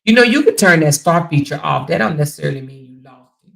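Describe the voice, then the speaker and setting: A woman's voice: low-pitched, lively intonation, fast, vocal fry. A woman hosting a casual livestream, reading viewer comments aloud and chatting back in reply. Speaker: livestream host.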